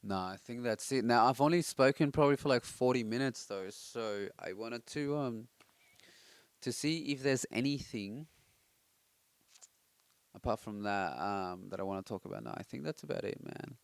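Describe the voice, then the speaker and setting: A man's voice: mid-range voice, normal speed, smooth, no room sound. A young man talking reflectively on a late-night personal vlog, rambling with many fillers and restarts, his throat itchy and tired. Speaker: vlogger.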